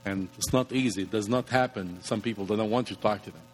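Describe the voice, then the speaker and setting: A man's voice: on the low side, fairly quick, faint music behind. A man, a guest speaker, giving practical advice in a plainspoken way with slightly nonstandard grammar. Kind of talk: conversational advice. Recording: reverberant room.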